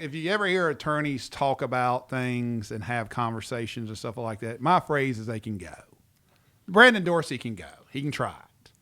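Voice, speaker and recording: A man talks shop on a podcast like he's ribbing a friend at the table. He's jokey and animated and keeps jumping in. His voice is bright and forceful. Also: medium pitch. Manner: animated, jokey, interrupts often. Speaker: podcast co-host, attorney. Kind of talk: casual podcast chat.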